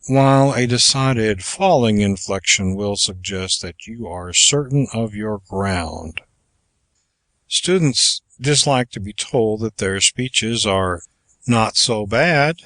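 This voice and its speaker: A man giving a measured, even scripted narration of a public speaking manual, as an audiobook narrator. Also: fairly low pitch, no room sound.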